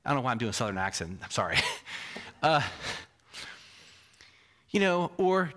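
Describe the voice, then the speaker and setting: A man's voice: mid-range voice, big pitch swings, normal speed, pauses often, fairly bright tone. A man preaching a sermon as pastor, emphatic, with frequent rhetorical questions and self-deprecating asides.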